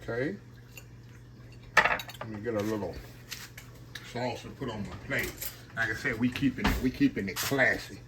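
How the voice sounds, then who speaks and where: A man with a lowish voice talks at a normal speed, pausing often, as he fries shrimp in his home kitchen for his cooking channel. He's folksy and chatty, calling viewers "y'all" and laughing at his own jokes in this casual demonstration. Oil sizzles clearly in the background along with other kitchen noise.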